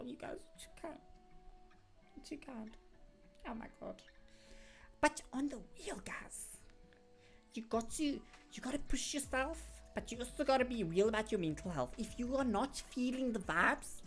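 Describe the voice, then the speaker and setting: A woman's voice: on the high side, fairly bright tone. A woman livestreaming in casual chat, playfully indignant and mock-dramatic, breaking off to thank viewers. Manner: chatty, reacting to viewer donations mid-sentence.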